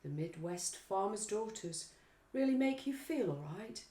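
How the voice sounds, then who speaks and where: A woman co-hosting a casual quiz at home, reading song lyrics slowly and theatrically between giggles. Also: medium pitch, animated, warm tone, reverberant. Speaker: quiz co-host.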